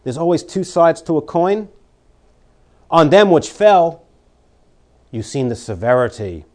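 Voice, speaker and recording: A preacher with a somewhat high voice reads scripture during his sermon, alternating between loud, emphatic proclamations and hushed warnings. He is very animated but never rushes.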